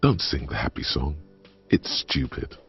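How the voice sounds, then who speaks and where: An actor voicing a brooding inner narrator in a game, speaking slowly in a deep, gravelly, ominous tone. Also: male voice, big pitch swings, heavily acted. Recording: dull lo-fi game capture with music.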